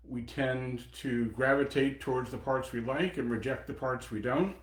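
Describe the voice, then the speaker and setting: A man in his seventies giving a dharma talk as a Buddhist teacher, reflective, pausing and personal. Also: mid-range voice. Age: 70s. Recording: echoey meeting room.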